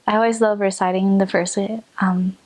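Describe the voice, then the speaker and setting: A young woman whose first language is Mandarin, telling a casual personal story about her missionary service, chatty, with frequent fillers and soft laughs. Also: mid-range voice, level tone, normal speed. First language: Mandarin Chinese. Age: young adult. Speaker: returned missionary.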